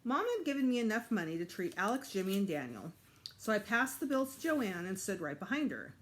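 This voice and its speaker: A woman teacher reading a children's chapter book aloud to her students in an expressive way. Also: mid-range voice, fairly quick, slight background noise. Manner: expressive, animated.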